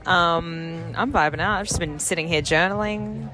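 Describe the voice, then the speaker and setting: A woman co-hosting a podcast, talking in a gossipy, animated way with quick asides. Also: fairly low pitch, loud music behind the voice. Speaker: podcast co-host. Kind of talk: casual chat.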